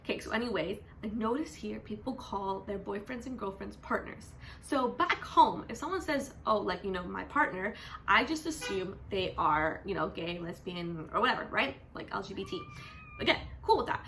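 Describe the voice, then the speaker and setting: Chatty woman vlogger with a bright voice. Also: mid-range voice, moderate pace, slight background noise. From Canada. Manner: chatty, animated, says "like" constantly. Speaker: teacher. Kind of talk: casual vlog chat.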